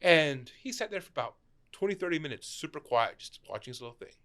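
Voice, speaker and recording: A young man who owns a shop, telling stories in a casual chat, animated and laughing, tagging his sentences with "right?". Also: a little high, fast. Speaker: store owner, podcast guest.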